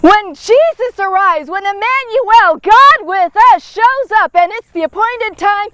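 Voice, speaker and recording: A woman's voice: extremely high pitch, expressive, a little slow, sharp tone, slight background noise. A woman giving a casual devotional Bible teaching, talking conversationally and often checking in with "okay?" and "all right?". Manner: dramatic, acts out the people in the story.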